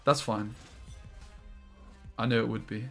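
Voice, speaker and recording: A man's voice: medium pitch, steady tone, unhurried, vocal fry, fairly bright tone, faint music behind. A man, casually commentating his card game and chatting with viewers, swearing now and then.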